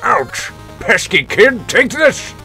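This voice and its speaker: A man voicing a boastful, petulant male game boss in a high, theatrical voice. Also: sing-song, slow pace, sharp tone, soft background music, exaggerated voice. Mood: annoyed. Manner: over-the-top villain taunts. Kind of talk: reading game dialogue aloud in voices.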